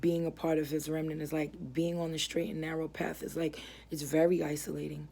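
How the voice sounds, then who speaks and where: Brief: young woman, low, flat, gravelly voice, earnest halting religious testimony. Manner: earnest, halting, many fillers and restarts. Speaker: ministry founder giving testimony.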